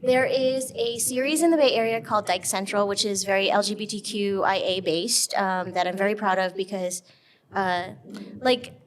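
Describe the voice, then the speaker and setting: A woman's voice: medium pitch, moderate pace. A woman guest in an interview, chatting casually and animatedly, laughing often and filling her talk with "like" and "um". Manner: animated, laughing, lots of fillers like "like" and "um". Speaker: guest, actress and filmmaker.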